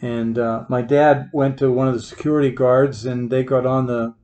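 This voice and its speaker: A man's voice: mid-range voice, little pitch movement, moderate pace, darkish tone, dull audio. A man, a parish priest, giving an informal homily full of stories, folksy and rambling, often repeating his words. He is from the Pittsburgh area.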